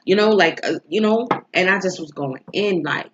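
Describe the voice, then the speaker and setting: A woman's voice: fairly low pitch, moderate pace, few pauses. Woman, tarot reader, casual storytelling vlog, candid and emotional, slightly dull lo-fi sound. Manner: emotional, candid, swears freely.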